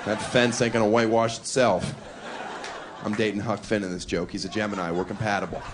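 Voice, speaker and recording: A man doing a crude, brash stand-up comedy set on a club stage, punching up his lines with shouts. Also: lowish voice, little pitch movement, fairly quick. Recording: live club recording with crowd noise. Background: audience laughter and applause.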